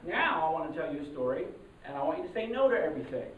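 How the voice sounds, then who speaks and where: A member of an improv troupe warming up a live audience, talking haltingly with many fillers and restarts and loudly calling out cues to the crowd. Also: mid-range voice, sing-song, slight background noise. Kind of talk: live audience warm-up talk. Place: live show venue. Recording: distant, roomy, muffled live recording. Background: audience ambience.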